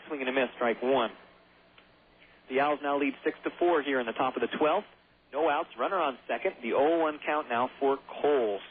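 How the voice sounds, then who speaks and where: Hoarse guy doing baseball radio play-by-play, chatty and rambly, tinny phone-line sound. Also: medium pitch, slight background noise. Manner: chatty, rambling, self-deprecating asides.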